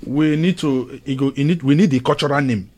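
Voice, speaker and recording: A man with a Nigerian accent hosting a call-in radio show, lively and welcoming. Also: mid-range voice, brisk. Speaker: radio host.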